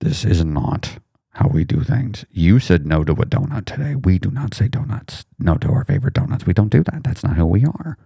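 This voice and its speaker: A man voicing a soothing male inner voice that coaxes the listener to give up, soft and half-whispered. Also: deep voice, big pitch swings, moderate pace, vocal fry, slightly rough, no echo, clean studio sound, full character voice. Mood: coaxing. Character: soothing tempting male inner voice urging to quit.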